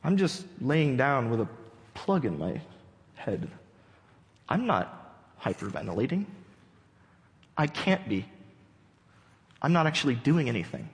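A bewildered young hacker, as a preacher puts him on, muses aloud in an agitated, searching voice. The sound rings with the long reverb of a big church hall. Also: male voice, fairly high pitch, a little slow, long pauses. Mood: dawning realization. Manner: agitated, wondering inner voice. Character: young male hacker, confused then awakening.

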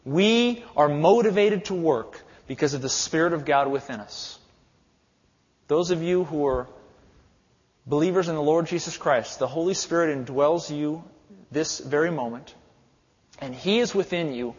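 A man's voice: on the high side, a little slow, slightly rough. A male pastor preaching a sermon in a church, with an emphatic, repetitive cadence. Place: church sanctuary. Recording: echoey hall, dull lo-fi sound.

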